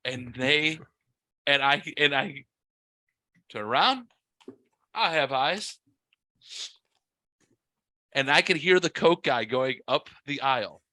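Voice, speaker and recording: A man co-hosting a podcast, telling a story in a casual, animated way, laughing and jumping up loud when he quotes people. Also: mid-range voice, slow, pauses often, dry recording. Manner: animated, laughing, jumps to shouts when quoting. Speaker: podcast co-host.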